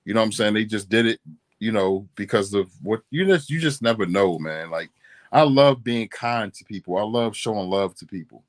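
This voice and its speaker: A man's voice: on the low side, animated, normal speed. A married man chatting casually as a co-host, telling a story in a laid-back, earnest way, often saying "you know what I'm saying". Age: adult.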